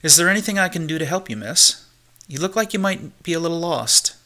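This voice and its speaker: A man reading the part of a polite, formal old English gentleman with an English accent in an amateur audiobook. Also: fairly high pitch, lively intonation, brisk, voice pushed up. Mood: courteous. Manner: pleasant, formal, courteous.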